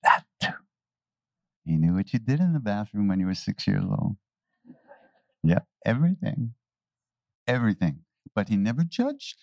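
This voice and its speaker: A man telling stories to a live audience on a handheld mic, animated, laughing and often restarting his sentences. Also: fairly low pitch, no echo, dull audio. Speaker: spiritual teacher answering questions. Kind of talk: anecdotal storytelling talk. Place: talk before a live audience. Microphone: handheld microphone.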